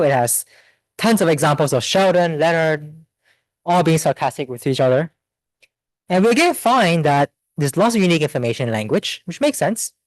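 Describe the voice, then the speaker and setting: A man giving an academic seminar talk, explaining research results in a steady, methodical way with occasional fillers. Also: a little high, no room sound, rough recording. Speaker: invited seminar speaker. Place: lecture room.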